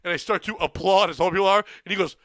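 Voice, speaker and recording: A man, a comedian, telling a story on a podcast in an excitable, profane way, acting out the screams of the crowd. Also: high voice, racing, dry recording, studio quality. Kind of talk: animated storytelling.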